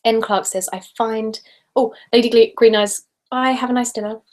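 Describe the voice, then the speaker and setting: A British woman hosting a casual live stream, reading viewer comments aloud in a chatty way on a stereo recorder, at times dropping into soft whispers. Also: on the high side, fairly even intonation, normal speed. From Britain. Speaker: ASMR channel host. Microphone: stereo handheld recorder.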